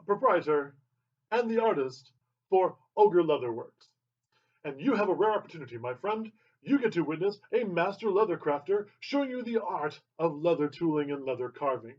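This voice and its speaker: A man opening a craft demonstration with a grand boast and then undercutting himself. His voice sits high for a man. The recording sounds dull and lo-fi. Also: slightly rough. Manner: grandiose then self-deprecating. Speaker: leatherworking demonstrator. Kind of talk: self-mocking show introduction. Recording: dull lo-fi audio.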